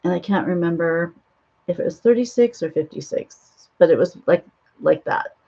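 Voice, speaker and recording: A woman with a lowish, gravelly voice tells a film's story in a loose, rambling way, often pausing and restarting. The recording sounds dull and lo-fi. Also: mellow. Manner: rambling, with frequent ums and restarts. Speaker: spiritual author and host. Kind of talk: casual retelling of a film.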